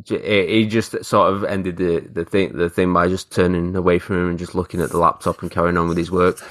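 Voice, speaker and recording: His delivery is flat and brisk in a low, slightly bright voice, captured without echo. He's a northern English podcast co-host telling a sweary, wandering story in casual conversation, mimicking those he describes.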